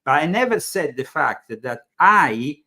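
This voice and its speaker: A man's voice: fairly high pitch, very animated, measured pace, bright, forceful tone. A man with an Italian accent, hosting a talk show in a rambling, hesitant conversational way, full of fillers. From Italy. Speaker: show host. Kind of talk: casual conversational interview.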